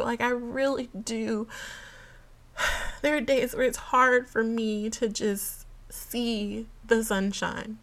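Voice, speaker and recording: A young woman hosting her own podcast, talking casually to listeners with slang and frequent laughs, sometimes close to tears. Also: mid-range voice. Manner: laughs often, emotional, tearing up at times; slang-filled, speaks to listeners as y'all. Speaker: podcast host. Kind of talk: casual solo podcast talk.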